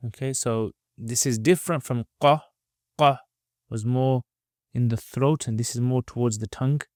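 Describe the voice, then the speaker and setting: A man's voice: mid-range voice, fairly even intonation, moderate pace, darkish tone, dry recording, clean studio sound. A man teaching Arabic letters step by step, patiently repeating each sound for learners to copy. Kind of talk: slow step-by-step lesson.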